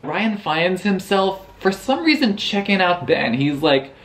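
Sarcastic, animated man reviewing a book. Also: high voice, a little slow. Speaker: book vlogger. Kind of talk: casual book review chat.

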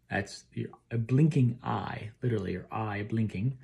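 This male choir director speaks at a moderate pace in a dark, creaky, fairly low voice with few pauses. Running a rehearsal lesson, he talks through phrasing and pronunciation, sings brief bits of the text, and ends his points by asking "okay?"

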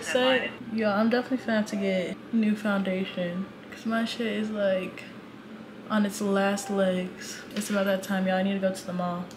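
Twenties woman vlogger from Atlanta, casual and slangy, mid-pitched, with clear noise behind her. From Atlanta, Georgia. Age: 20s. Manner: chatty, slangy, talks straight to viewers. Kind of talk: casual vlog chat.

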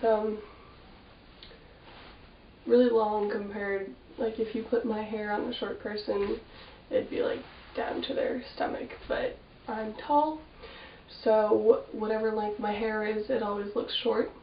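A woman with a stuffy, nasal voice from a cold chats in a rambling, casual way with plenty of fillers. Her voice sits a little high, with a gravelly fry. She is recorded from some distance in an echoey room, with a dull tone and a faint hiss behind her. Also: fairly even intonation, a little slow. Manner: chatty and rambling, with frequent fillers. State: has a cold, sniffling. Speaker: fashion vlogger. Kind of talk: casual chat to camera.

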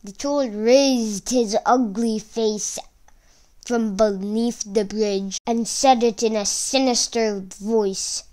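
A woman narrating a fairy tale aloud for children, reading slowly and with expression. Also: a little high. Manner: slow, expressive read-aloud. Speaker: storyteller. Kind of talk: storybook narration.

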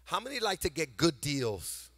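Older guy preaching, high bright voice, sing-songy and lively, dry close sound. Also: normal speed, vocal fry, no echo. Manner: animated preaching, sing-song emphasis, swings loud and quiet. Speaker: pastor. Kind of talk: sermon. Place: church sanctuary before a congregation.

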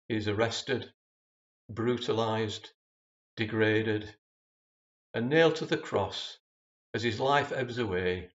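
A man preaching a sermon in a slow, measured and solemn way. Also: mid-range voice, highs cut off.

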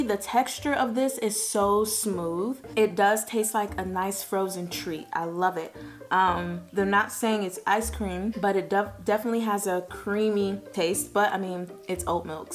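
A woman's voice: medium pitch, measured pace, faint music behind. A woman hosting a casual vlog taste test, chatty and frank, repeating herself and using fillers as she reviews food. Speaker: product reviewer.

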